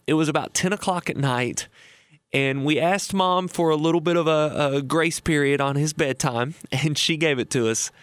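Chatty guy in his 30s hosting a radio show, kinda high voice, dry studio mic, rambling story. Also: fairly bright tone, smooth, no room sound. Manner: folksy, chatty, lots of fillers and restarts. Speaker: radio show host, retirement advisor.

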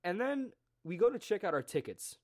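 A man's voice: high-pitched, very animated, normal speed, a little mellow. A young man telling a story in a casual monologue, ranting with sarcastic, profane asides. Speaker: podcast host.

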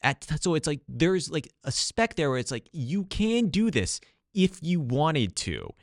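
A man's voice: a little high, very animated, a little slow, dry recording, studio quality. A man talking casually as a guest about his study, with many "like" and "you know" fillers. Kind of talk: casual political talk.

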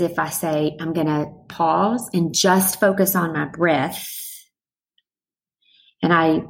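A middle-aged woman talking thoughtfully in a relaxed conversation, slowing down and showing how breathing works. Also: lowish voice, low-quality recording. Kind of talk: reflective conversational chat.

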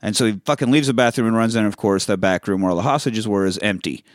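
A man's voice: lowish voice, quick pace, no room sound, studio quality. A man hosting a podcast, casually retelling a movie's plot with frequent laughter and swearing. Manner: loose, profane, laughs often mid-sentence. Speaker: podcast host. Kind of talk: casual movie recap chat.

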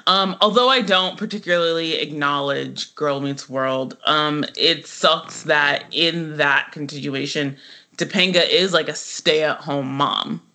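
A woman co-hosting a casual podcast chat, her voice bright and forward. She rambles through episode plots with plenty of "like" and "um" and a relaxed, conversational flow. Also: low-pitched, unhurried. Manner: chatty, full of fillers, quotes characters in animated voices. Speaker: podcast co-host. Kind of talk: casual chat recapping a sitcom.

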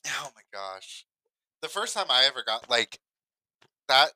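A man's voice: mid-range voice, big pitch swings, measured pace, pushed and bright, no echo, low-quality recording. A man co-hosting a podcast, reacting to his co-host in casual chat and starting his own story.

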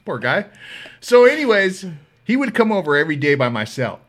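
Animated, bright-voiced man telling stories. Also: high voice, fairly quick. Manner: animated, profane, laughing. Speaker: podcast host. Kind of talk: comedic storytelling.

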